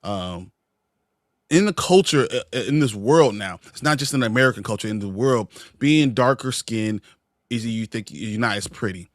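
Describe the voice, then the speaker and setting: A man's voice: lowish voice, animated, moderate pace, no echo, clean studio sound. A man in a casual panel discussion, talking earnestly and often repeating words as he searches for his phrasing. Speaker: podcast panelist.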